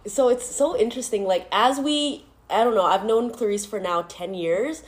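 A woman's voice: on the high side, normal speed. A woman in her thirties, chatting casually as a host, laughing often and tearful at times. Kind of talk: casual chat.

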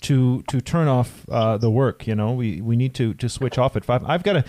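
A man's voice: mid-range voice, normal speed, mellow. A man co-hosting a podcast, easygoing and affirming. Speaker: podcast co-host. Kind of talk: casual podcast chat.

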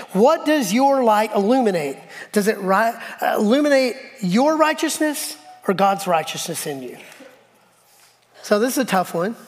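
A middle-aged male pastor preaching a sermon, telling personal stories in a conversational, self-deprecating way and acting out the dialogue. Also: sits high. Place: church sanctuary. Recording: long hall reverb.

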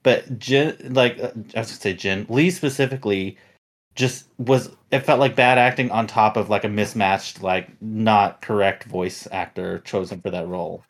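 A man's voice: fairly low pitch, moderate pace. A man hosting a podcast, chatting casually and rambling with many fillers and restarts. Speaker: podcast host.

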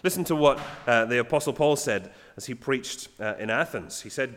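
A man giving a sermon in a plain conversational way, often pausing with fillers. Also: medium pitch, lively intonation, fairly bright tone, big-room sound. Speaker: preacher.

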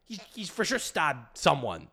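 Young guy podcast host ranting, jokey and loud at times, swears a lot. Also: fairly high pitch, unhurried, vocal fry. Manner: animated, swearing, mock-singing and joking. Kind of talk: casual chat.

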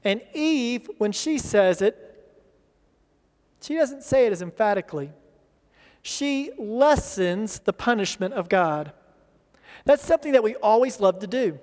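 A man preaching a sermon, his voice pitched unusually high for a man. He speaks earnestly and slips into the voices he quotes, repeating words as he pushes a point. The sound rings with the long reverb of a large hall. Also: animated, unhurried, long pauses, a little mellow. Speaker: pastor.

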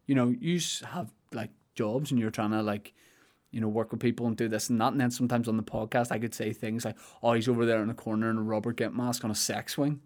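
A young man with a Northern Irish accent, co-hosting a podcast in rambling, jokey chat with deadpan asides. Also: mid-range voice. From Northern Ireland. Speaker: podcast co-host.

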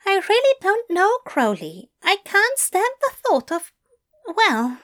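A woman's voice: very high voice, wildly swooping pitch, takes it slowly, a bit bright, pitched above the performer's own voice, exaggerated voice. A woman voicing a fussy, anxious male angel who talks in a flustered, hesitant way.

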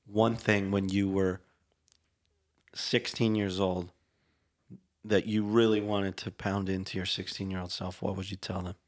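Male podcast co-host, low voice, playful and laughing, casual banter. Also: flat delivery, measured pace, pauses often. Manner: jokey, laughs often, eager to steer topics. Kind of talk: casual chat.

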